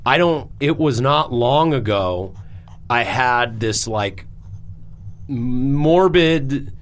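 A man's voice: medium pitch, fairly bright tone. Rambling, cussing man hosting a podcast. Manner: rambling, emphatic, swears freely, many fillers. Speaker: podcast host. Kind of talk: casual podcast chat.

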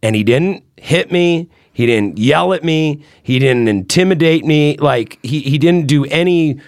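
A man's voice: a little high, expressive, unhurried, no room sound, clean studio sound. A man in a casual podcast chat, telling loose, profane stories that lean on filler words. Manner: rambling storyteller, loose and profane, acts out voices in quotes.

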